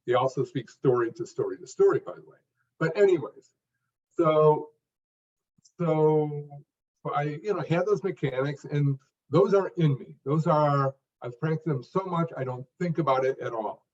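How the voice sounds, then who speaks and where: A man's voice: a little high, normal speed, darkish tone, distant mic, muffled recording. A man giving an interview answer as a speech coach, talking in short emphasized phrases with frequent restarts.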